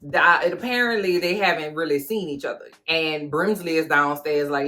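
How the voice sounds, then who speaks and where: Low-voiced woman recapping with slangy jokes. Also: moderate pace, hardly any pauses. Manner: animated, slangy, cracking jokes. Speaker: recap vlogger. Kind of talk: comedic watch-along recap.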